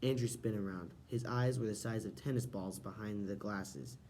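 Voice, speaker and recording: A man narrating a children's novel as an audiobook in a steady, expressive storytelling manner. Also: lowish voice, normal speed, a little hiss or hum, rough recording. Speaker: audiobook reader.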